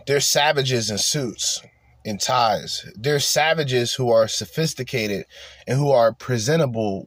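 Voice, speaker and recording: A man giving casual reaction commentary in an animated, laughing way, full of profane slang. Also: mid-range voice, no echo.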